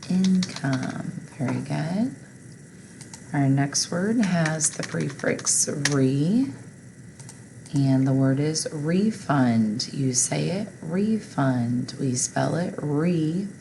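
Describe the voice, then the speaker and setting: Slow, patient woman teaching phonics. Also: deep voice, animated, gravelly, noisy background. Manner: slow, patient, prompting listeners to repeat. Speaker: reading and spelling teacher. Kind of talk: slow phonics lesson, say-and-spell drills.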